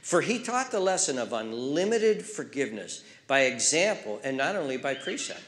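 A man preaching a sermon in a church, repeating key words for emphasis and swinging between loud, urgent phrases and hushed ones. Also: mid-range voice, big pitch swings, normal speed, slight background noise. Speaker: pastor.

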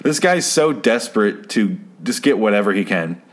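Man with a lowish voice, casual episode recap, swears a lot, sarcastic nitpicker. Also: expressive, moderate pace. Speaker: commentator reviewing a TV episode. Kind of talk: casual chat.

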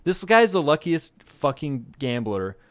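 A man co-hosting a podcast, telling a story in a rambling, profane, animated way. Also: a little high, a little slow, no room sound. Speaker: podcast co-host. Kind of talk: casual storytelling chat.

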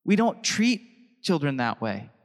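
A man's voice: on the high side, big pitch swings, slow, big-room sound. A young adult man preaching a sermon as pastor, chatty and anecdotal, often laughing between thoughts.

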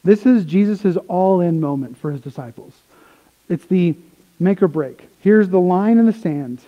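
A man preaching a sermon, swinging from quiet explanation to excited retellings of the crowd. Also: sits high, unhurried, muffled recording. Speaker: pastor.

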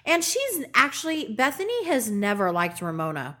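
Blunt podcast woman, swears a lot, bright voice. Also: fairly high pitch, moderate pace. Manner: blunt, swears freely, lively. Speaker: podcast co-host. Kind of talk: casual chat.

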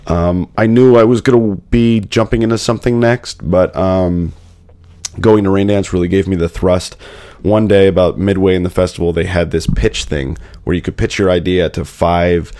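A man's voice: sits low, moderate pace, dry recording. A man, a filmmaker guest, telling stories in a casual interview and acting out the people he quotes. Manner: animated storyteller, acts out quotes.

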